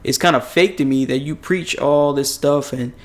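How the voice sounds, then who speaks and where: A man's voice: a little high, moderate pace. A man co-hosting a casual podcast, giving blunt, rambling opinions with lots of swearing. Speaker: podcast co-host.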